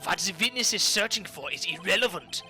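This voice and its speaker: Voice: medium pitch, expressive, a little fast, bright, forceful tone, soft background music. A streamer voicing a stern, arrogant old male prosecutor who sounds curt and dismissive.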